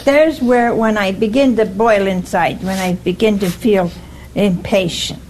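A woman's voice: medium pitch, unhurried, a little mellow, a little hiss or hum, low-quality recording. An older woman giving an informal, folksy sermon, often stopping to ask "see?" and putting questions to her listeners. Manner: folksy, keeps asking "see?". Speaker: preacher.

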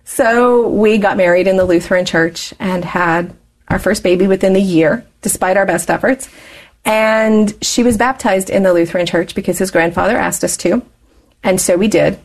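A woman's voice: medium pitch, normal speed. A woman in her forties, an interview guest telling her life story candidly and laughing often as she talks.

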